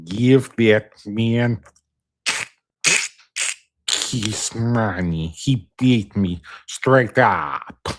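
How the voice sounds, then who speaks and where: A man putting on the voice of a menacing Russian gangster card player, with a slow, heavy put-on Russian accent. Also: fairly low pitch, slight background noise, voice pushed up. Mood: gloating.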